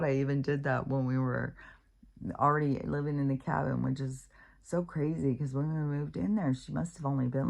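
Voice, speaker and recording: An extremely low, creaky voice belongs to a middle-aged American vlogger chatting at home. With her dog nearby, she rambles through a casual monologue full of fillers and false starts.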